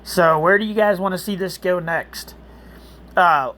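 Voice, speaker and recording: A man reading a second-person story to viewers in an earnest, gentle way, with chatty asides. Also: sits high, unhurried. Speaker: storyteller and channel host.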